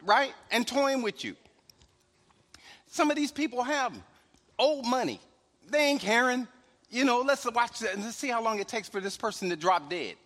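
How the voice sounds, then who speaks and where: A man preaching a sermon in a relaxed, conversational way, tossing in "right?" asides and chuckles, recorded in a church hall with long reverb. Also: very high voice, moderate pace, long pauses. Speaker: pastor.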